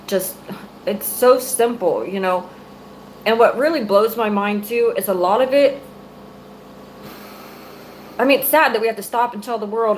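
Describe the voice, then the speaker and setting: A woman's voice: medium pitch, animated, a little slow, long pauses, slight background noise, rough recording. An angry mother ranting to her viewers. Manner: angry, profane, venting. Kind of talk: live-stream rant.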